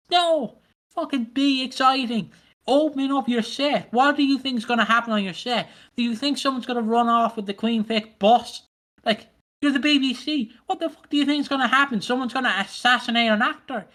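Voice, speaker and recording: A man's voice: very high voice, moderate pace, sharp tone. A man co-hosting a podcast, ranting in casual chat with plenty of swearing and mocking put-on voices. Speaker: podcast co-host.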